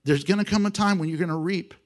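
A man preaching a sermon, exhorting his listeners with animated emphasis and chuckles. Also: sits high, fast talker.

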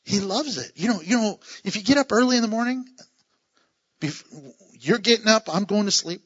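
A man's voice: high-pitched, expressive, normal speed, fairly bright tone, slightly rough, highs cut off. A man preaching a sermon as pastor, playful, with joking asides and chuckles.

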